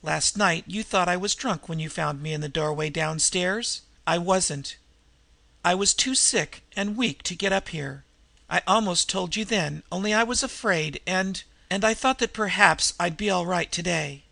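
Guy voicing a sick woman crook, hoarse and labored, gravelly, slangy. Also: sits high, normal speed, sharp tone, no echo, exaggerated voice. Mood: desperate. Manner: slangy underworld speech. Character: sick, desperate woman criminal in disguise.

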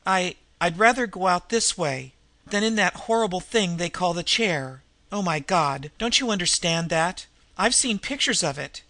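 A man voicing a sick, desperate woman criminal in disguise, who speaks in a hoarse, labored voice with slangy underworld talk. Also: high-pitched, animated, moderate pace, pushed and bright, no room sound, heavily acted.

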